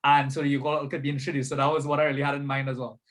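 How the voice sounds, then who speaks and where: A man's voice: medium pitch, little pitch movement, very fast, fairly bright tone. A man, a spiritual coach hosting an online workshop over a video call, chatty and upbeat, often asking "right?". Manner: chatty, upbeat, repeats "you understand?" and "right?". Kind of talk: casual online workshop talk.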